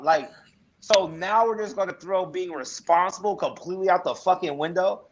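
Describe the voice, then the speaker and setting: A man on a casual talk show, his voice sitting a little high. He rants sarcastically and swears freely. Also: moderate pace, lo-fi sound. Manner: sarcastic, profane ranting. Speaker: podcast co-host. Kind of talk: casual chat.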